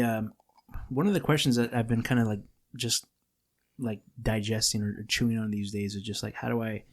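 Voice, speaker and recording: A man from California hosting a podcast, chatting casually in a studio, rambling with many restarts and fillers. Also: on the low side. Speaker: podcast host.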